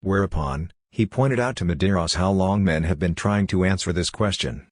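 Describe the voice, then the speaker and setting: Deep-voiced male audiobook narrator. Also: moderate pace, dry recording, clean studio sound. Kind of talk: scripted narration.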